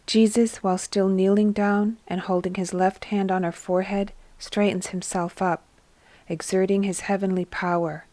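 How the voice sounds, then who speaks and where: Woman reading a devotional story, slow n steady, mid pitch, dry close sound. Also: no echo. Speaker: narrator. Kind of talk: scripted devotional narration.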